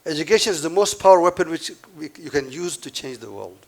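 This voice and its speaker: A man's voice: a little high, animated, fast talker, gravelly, a little mellow. A man giving a conference keynote to a live audience, emphatic and repeating his key points, with asides to the crowd. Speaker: keynote speaker.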